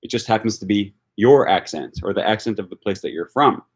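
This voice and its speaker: Man, lowish voice, loose unscripted talk, lots of ums and restarts. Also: animated, fairly quick, husky. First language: English. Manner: rambling, many fillers and restarts. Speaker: language learning YouTuber.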